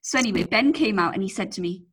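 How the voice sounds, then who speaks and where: A woman's voice: mid-range voice, lively intonation, fast, fairly bright tone, breathy edge. A woman co-hosting a podcast, telling a rambling anecdote in casual chat, sprinkling in "like" and swearing freely. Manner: chatty storyteller, swears freely, lots of "like". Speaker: podcast co-host.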